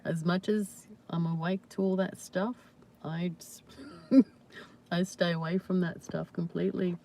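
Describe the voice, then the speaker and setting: A woman hosting a casual live chat with viewers, talking warmly and reassuringly with many "you know"s and "yeah"s. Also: on the low side, fairly even intonation, a little slow, slight background noise. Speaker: livestream host.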